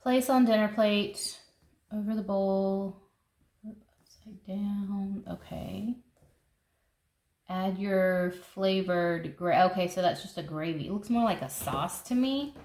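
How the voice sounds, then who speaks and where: A gardening vlogger flips through a seed catalog, chatting enthusiastically and thinking out loud. Her voice is medium-pitched and a little mellow, at a measured pace. The room is echoey, with faint background noise.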